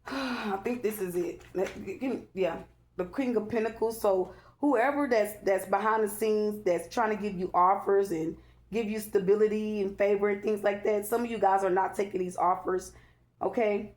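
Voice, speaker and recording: A woman talks through a tarot reading in a loose, preachy way. She repeats herself for emphasis and keeps checking in with "okay?". Her voice sits at an ordinary middle pitch. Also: normal speed, a little mellow. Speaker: tarot reader. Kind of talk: casual spiritual tarot reading.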